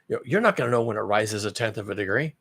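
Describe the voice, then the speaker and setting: A man hosting his own channel, giving a sarcastic, profane rant about the news, swinging between low mutters and loud outbursts and repeating phrases for emphasis. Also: animated, racing, slightly rough. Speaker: channel host. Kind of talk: ranting commentary on news.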